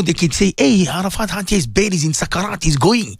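A man's voice: sits high, lively intonation, quick pace, vocal fry, few pauses, husky, no echo, studio quality. Impassioned male radio preacher. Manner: impassioned, repetitive, addresses listeners directly. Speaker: radio presenter and Islamic preacher. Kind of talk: live religious radio talk with listener messages. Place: radio studio.

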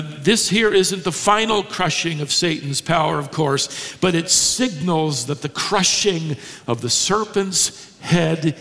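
A man preaching an expository sermon, dramatic, acting out quoted lines with sudden raised shouts. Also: high-pitched, in a large hall. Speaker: pastor.

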